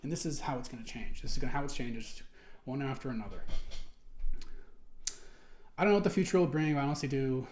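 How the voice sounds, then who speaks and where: A man's voice: mid-range voice, quick pace, long pauses, darkish tone, a little hiss or hum. A man reading out forum posts and answering them in an indignant, rambling rant, restarting his sentences and swearing often. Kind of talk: ranting commentary while reading forum posts aloud. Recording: roomy echo.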